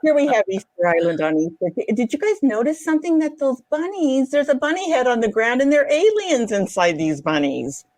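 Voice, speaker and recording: A woman's voice: high voice, very animated, brisk, few pauses, darkish tone, dry recording. Upbeat giggly woman, dry close sound. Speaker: co-host. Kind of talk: casual show chat.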